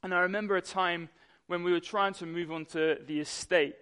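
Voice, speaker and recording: A young man delivers a sermon. He tells a personal story with animation, acting out the people in it. His voice sits slightly high for a man. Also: fairly even intonation, a little fast, fairly bright tone, clean tone. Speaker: pastor.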